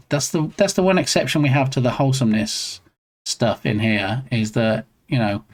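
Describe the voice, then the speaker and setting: Playful, chatty male streamer. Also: mid-range voice. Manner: playful and chatty, laughs often, reads chat aloud. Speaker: game dev livestream host. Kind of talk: casual live-stream chat.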